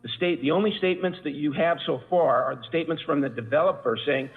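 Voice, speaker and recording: Guy calling into a council meeting, legal argument, lots of uhs, tinny phone sound, kinda high voice. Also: fast, hardly any pauses. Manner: argumentative, legalistic, many fillers. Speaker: public commenter at council meeting. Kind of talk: formal public comment. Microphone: phone call-in. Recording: tinny phone line in a hall.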